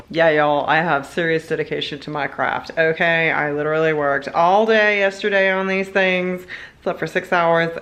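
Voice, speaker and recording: A woman vlogging from her home kitchen while making candles, chatting in a playful, self-mocking way. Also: sits low. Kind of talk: casual vlog chat.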